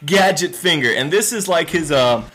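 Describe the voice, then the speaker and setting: Excitable man on a laptop mic. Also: a little high, normal speed. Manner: excitable, exclamatory, rambling with fillers. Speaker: video game reaction channel host. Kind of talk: excited reaction and gameplay analysis. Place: at home. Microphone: built-in laptop mic.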